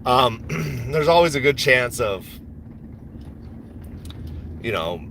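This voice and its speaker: A man's voice: mid-range voice, animated, takes it slowly, a bit bright, a little hiss or hum. A man talking casually on a stock market livestream, rambling and slangy, with frequent laughs. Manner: rambling, laid-back, slangy, laughs often.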